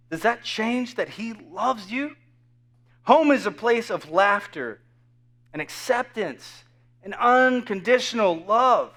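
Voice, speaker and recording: A man's voice: sits high, lively intonation, slow pace, fairly bright tone. A man in his thirties preaching a casual, joking sermon full of asides to the congregation. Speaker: pastor. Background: faint crowd.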